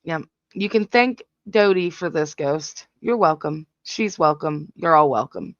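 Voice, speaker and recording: A woman's voice: sits low, animated, a little slow, dry recording. A woman hosting a casual reaction chat, giggly, profane and exclamatory. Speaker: host reacting to clips. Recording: dull, dry lo-fi sound.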